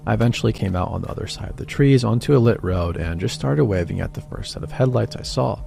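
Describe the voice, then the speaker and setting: A man reading a first-person horror story as scripted narration, in a quiet, even way. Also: fairly low pitch, fast, gravelly. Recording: voice-over with faint music beneath.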